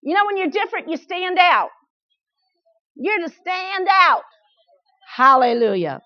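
High, lively woman preacher. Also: a little slow, dry recording. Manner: animated, repeats words in bursts, laughs while preaching. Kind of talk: sermon. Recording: dull, lo-fi, dry sound.

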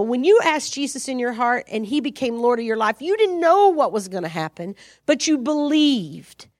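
A woman preaching a sermon, animated and exhorting, acting out her own prayers and conversations with sudden loud rises. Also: a little high, dry recording, clean studio sound.

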